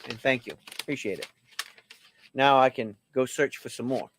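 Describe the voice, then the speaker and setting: A man's voice: mid-range voice, moderate pace, fairly bright tone, a little hiss or hum. A man hosting a coin auction livestream, chatting casually and joking as he talks straight to his viewers.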